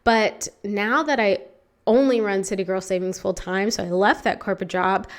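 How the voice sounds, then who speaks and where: A young woman speaks alone as a podcast host, smooth and clear in tone at a middle pitch. She tells her story candidly, with feeling and casual fillers. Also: steady tone, normal speed. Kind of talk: reflective solo podcast monologue.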